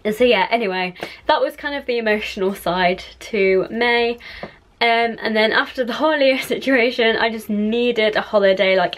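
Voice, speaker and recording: A young woman vlogging a casual recap, talking in a rambling, chatty way full of fillers. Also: mid-range voice. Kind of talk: casual monthly recap vlog.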